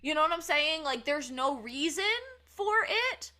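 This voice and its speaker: A woman co-hosting a podcast, chatting casually and telling stories with emphatic, animated delivery. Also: sits high, normal speed. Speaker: podcast co-host. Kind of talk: casual chat.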